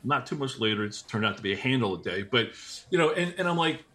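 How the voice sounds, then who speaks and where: A middle-aged man, a podcast guest, telling personal stories in a casual, animated way, with many restarts and quick asides. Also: medium pitch. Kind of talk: casual conversational storytelling.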